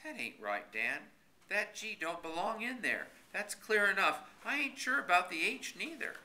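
A man's voice: high voice, very animated, moderate pace, pushed and bright, voice pushed up, exaggerated voice. A man doing Horace, a stubborn country man. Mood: arguing. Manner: folksy rural grammar, argumentative. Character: stubborn rural grown man, fussy about spelling.

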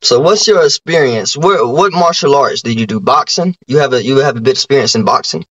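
A man's voice: medium pitch, animated, fairly quick, fairly bright tone, dull audio. A man on a video call trading boastful trash talk with a rival, often stumbling and restarting his sentences. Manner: boastful, rhyming brags, stammering restarts. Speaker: YouTuber challenging a streamer.

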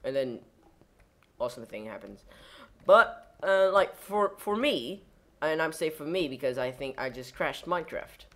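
A woman's voice: sits low, animated, measured pace. A woman giving casual let's-play commentary while playing, rambling and goofy, with lots of fillers and self-corrections. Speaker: gameplay commentator.

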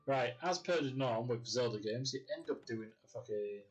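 A man's voice: mid-range voice, moderate pace, faint music behind. A man with a Yorkshire accent giving casual, sweary commentary while livestreaming a video game, often laughing and talking to his chat. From Yorkshire, England.

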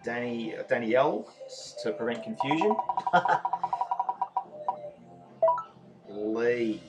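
A man's voice: medium pitch, big pitch swings, very slow, loud music behind the voice. A man hosting a live raffle draw, chatty and laid-back, reading out names and often apologising to players. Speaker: raffle host. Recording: noisy home recording.

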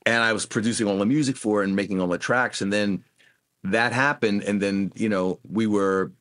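This is a middle-aged male musician being interviewed, spinning animated career anecdotes and acting out what other people said. The studio-quality recording has no room sound, and his fairly low voice moves at a normal speed.

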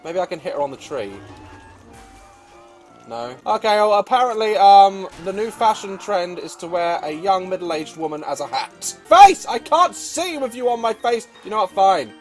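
High, lively man yelling over gameplay. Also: normal speed, soft background music. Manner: loud, swearing, laughing, shouts and squeals. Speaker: gaming video host. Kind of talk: excitable gameplay commentary.

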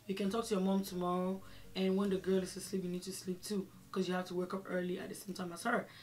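A woman's voice: on the low side, little pitch movement, quick pace, darkish tone, natural voice. A woman voicing a strict female employer who scolds about bedtime in a firm tone. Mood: stern.

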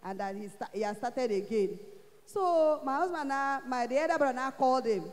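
High-voiced Nigerian woman giving testimony. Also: moderate pace, big-room sound. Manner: animated storytelling, acting out quoted speech. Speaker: testifier at a church service. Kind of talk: church testimony. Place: church hall.

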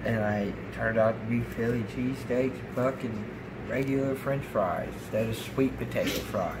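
A man's voice: medium pitch, normal speed. A man co-hosting a casual vlog, blunt and joking, swearing freely. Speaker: vlog co-host. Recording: noisy crowd behind.

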